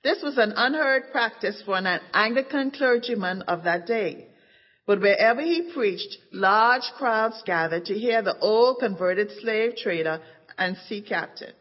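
A woman narrating a story with measured, dramatic emphasis, in a dull recording of an echoing hall. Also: mid-range voice, expressive. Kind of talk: scripted narration. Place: church event stage.

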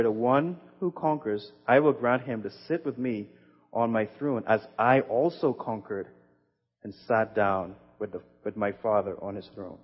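Husky-voiced man preaching in an echoey hall. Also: lowish voice. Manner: earnest, emphatic scripture reading with conversational asides. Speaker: pastor. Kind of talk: sermon. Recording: echoey hall, muffled sound.

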